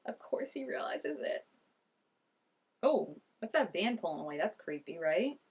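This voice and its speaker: A woman's voice: mid-range voice, very animated, unhurried, a little mellow, slightly rough. A young woman reacting to a TV episode in casual commentary, chatty and gushing, laughing often and saying "like" a lot. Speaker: TV reaction vlogger.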